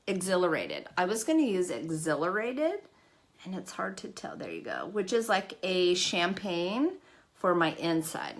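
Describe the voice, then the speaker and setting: A middle-aged woman chats her way through a live makeup tutorial, greeting viewers by name and joking at her own expense. Her voice sits a little low, but her pitch swings widely and lively. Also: unhurried. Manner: chatty, self-deprecating, talks to viewers by name. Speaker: makeup livestream host.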